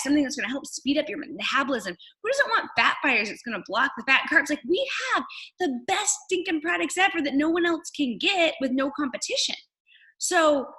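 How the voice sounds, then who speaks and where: A woman leading a motivational team call over video, energetic and rallying, firing off rhetorical questions. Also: high-pitched. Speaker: network marketing leader.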